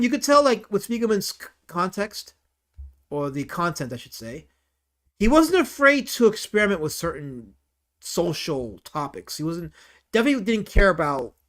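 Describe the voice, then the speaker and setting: A man's voice: fairly high pitch, a bit bright. A man hosting a casual livestream, rambling through comic commentary and reacting to chat with frequent exclamations and swearing. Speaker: livestream host.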